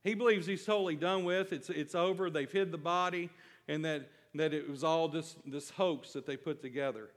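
A man preaching in a church, his voice sitting a touch high for a man and ringing out through a reverberant hall. He slows down hard on key phrases and builds emphasis as he reads scripture and explains it. His delivery moves between casual asides and big dramatic lines. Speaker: pastor. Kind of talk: sermon.

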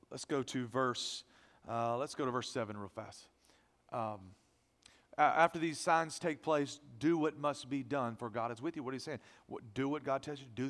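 A man preaching a sermon as pastor, emphatic, swinging between loud declarations and hushed lines. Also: medium pitch. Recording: long reverb of a large hall.

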